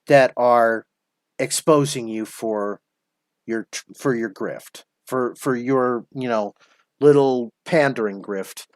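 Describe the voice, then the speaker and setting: Man, stream host, slow and lecturing, mocking, dry close sound. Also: mid-range voice, no echo. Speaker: show host. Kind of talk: live stream commentary.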